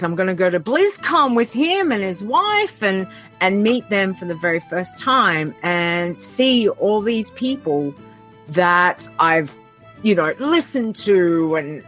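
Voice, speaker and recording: A woman's voice: medium pitch, a bit bright. An Australian woman talking heartfelt and earnest as a podcast guest, often trailing off and restarting her sentences. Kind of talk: casual podcast conversation.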